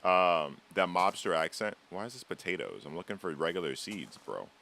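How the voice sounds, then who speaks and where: A man's voice: low voice, lively intonation, normal speed, creaky, sharp tone. A man streaming a game live, chatting casually with his viewers in a rambling, teasing way and swearing freely. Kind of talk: casual live-stream chat while gaming.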